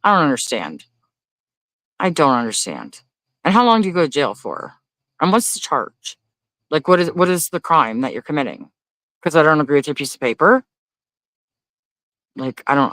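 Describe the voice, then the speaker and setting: A man hosting a casual livestream, reading viewer comments aloud. He talks in a blunt, profane rant and breaks into loud, high-pitched disbelief. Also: dry recording. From Canada. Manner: loudly incredulous, rises to high exclaims. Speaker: livestream host.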